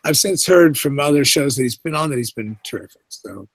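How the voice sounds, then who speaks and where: A middle-aged Canadian man talks as a guest in a relaxed interview, his speech carrying a faint English inflection. He rambles and restarts his sentences freely, and his voice sounds dry and close, with almost no room sound. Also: mid-range voice, fairly quick, vocal fry, husky, no room sound, poor audio. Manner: rambling, many restarts and asides. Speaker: guest actor. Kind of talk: casual interview chat.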